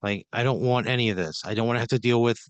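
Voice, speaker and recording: A man co-hosting a comedy podcast, complaining in an exasperated, profane deadpan. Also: medium pitch, fast talker, clean tone, dry recording, lo-fi sound. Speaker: podcast co-host. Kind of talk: improvised comedy.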